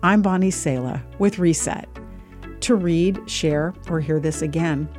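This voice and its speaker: A woman hosting a short devotional program, reading a scripted reflection in a calm, measured way. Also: low-pitched. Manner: calm, measured reading over soft music. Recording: dry studio voice-over with faint music.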